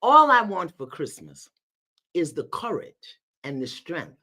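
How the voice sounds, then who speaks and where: A middle-aged woman hosting a live online spiritual gathering, playfully greeting viewers by location in a casual, animated way. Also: lowish voice, measured pace. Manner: lively, playful, call-outs with "in the house".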